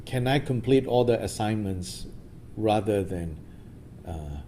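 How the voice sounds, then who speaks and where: A man's voice: fairly low pitch, animated, slow, mellow, slight background noise. A man giving a loose, storytelling dharma talk as a meditation teacher at a retreat. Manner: loose, storytelling, many fillers.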